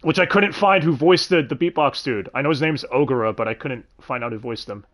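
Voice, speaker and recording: A man hosting a casual livestream chat, animated, swearing freely and laughing often. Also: mid-range voice, a little fast. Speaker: podcast host.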